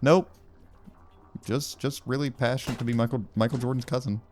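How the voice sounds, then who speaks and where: A man's voice: medium pitch, steady tone, moderate pace, darkish tone, soft background music. A young man doing casual gameplay commentary, telling rambling, wry stories with lots of fillers. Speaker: gaming video creator.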